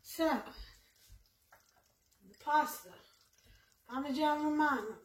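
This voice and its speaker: Slow-talking high-voiced woman home cook. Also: slight background noise. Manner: chatty, talks straight to viewers. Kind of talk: casual cooking demonstration.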